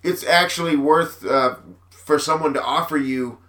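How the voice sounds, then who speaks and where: A man from Texas co-hosting a podcast, talking in a rambling, halting way with lots of fillers. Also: a little high, a bit bright, echoey room. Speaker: podcast co-host. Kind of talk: casual chat.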